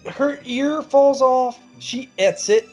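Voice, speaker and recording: A man's voice: extremely high pitch, slow, breathy edge, lo-fi sound, faint music behind. A man co-hosting a podcast, joking animatedly and swearing about a movie. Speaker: podcast co-host. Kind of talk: casual movie-review chat.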